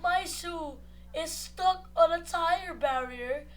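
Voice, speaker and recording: A woman commentating on a racing league, muttering asides between shouted, excited play-by-play. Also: extremely high pitch, slow. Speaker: race commentator.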